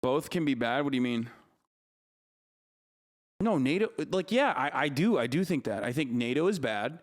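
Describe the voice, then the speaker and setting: A man's voice: medium pitch, lively intonation, normal speed. A man in his thirties ranting profanely and mockingly as a livestream streamer reacting to content.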